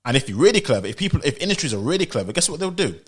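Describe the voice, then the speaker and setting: A man's voice: a little high, sing-song, racing, husky. A British man giving an opinion commentary monologue, insistent and emphatic, driving his points home with rhetorical questions and repetition. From United Kingdom. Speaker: opinion vlogger.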